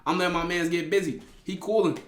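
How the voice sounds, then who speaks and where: A young man telling a story to his live chat in a casual, slangy way, laughing often and swinging between loud and hushed. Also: high-pitched, steady tone, quick pace. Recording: roomy echo.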